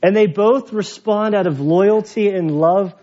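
High-voiced man preaching, dull recording. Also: a little slow, mellow. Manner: conversational, joking asides. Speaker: pastor. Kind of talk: expository sermon.

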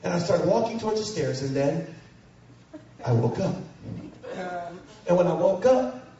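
A man preaching a storytelling sermon in a large church hall, animated and often breaking into shouting and snatches of song. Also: high voice, unhurried. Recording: echoey hall from far off, dull sound.

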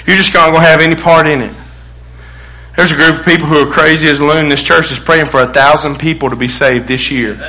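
A middle-aged male pastor preaching a sermon, animated, acting out quotes with bursts of shouting. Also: on the high side, brisk, rough recording.

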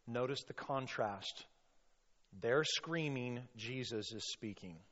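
A male pastor delivers a passionate sermon, swinging from quiet storytelling to loud acted-out outbursts. His voice carries a long, hall-like reverb. The sound is a little dull and muffled. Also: medium pitch, takes it slowly. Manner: impassioned, acts out quotes with sudden loud bursts.

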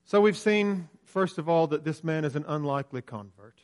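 A man preaching a sermon earnestly, slowing down and swinging his voice up and down for emphasis. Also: fairly high pitch, expressive. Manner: earnest, rises and falls sharply for emphasis, slows on key lines.

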